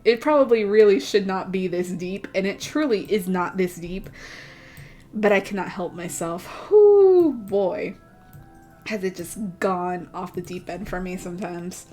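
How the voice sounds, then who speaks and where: A woman's voice: mid-range voice, a little mellow. A young adult woman ranting casually about books while she draws, laughing often and sounding exasperated. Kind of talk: casual rant while drawing.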